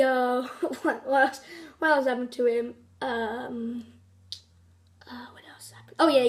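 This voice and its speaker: High voiced woman rambling thru a top five list, lots of ums, giggly. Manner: rambling, with frequent fillers, restarts and giggles. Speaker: video host. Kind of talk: casual unscripted countdown commentary.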